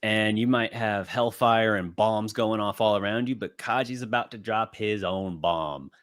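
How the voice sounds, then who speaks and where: A man co-hosting a podcast, chatting casually through an episode recap and acting out character lines in quick bits. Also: on the low side, fairly bright tone. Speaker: podcast co-host. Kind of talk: casual anime recap chat.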